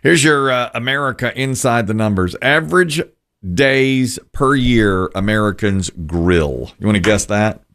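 A man's voice: medium pitch, animated, unhurried, fairly bright tone. A man hosting a show, chatting casually and laughing often. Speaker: radio show host. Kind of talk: casual chat.

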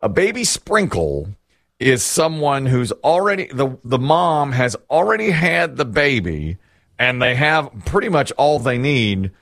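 A middle-aged man hosting a casual chat, telling stories in an animated, self-mocking way. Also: medium pitch, measured pace, dry recording, studio quality. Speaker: host.

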